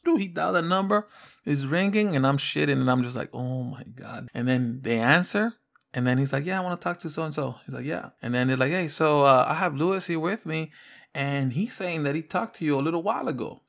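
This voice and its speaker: Brief: young male podcast co-host, gravelly fry in the voice, loose and profane storyteller. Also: mid-range voice, a bit bright. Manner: storytelling, swears freely, acts out both sides of dialogue. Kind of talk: casual podcast chat.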